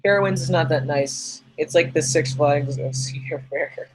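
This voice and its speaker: A man with a slightly raised pitch hosts a loose, unscripted livestream podcast. He rambles in a chatty way and answers viewers' questions as they come in, over a faint background hiss. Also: normal speed, poor audio. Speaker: podcast host reading live chat. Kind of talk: casual livestream chat.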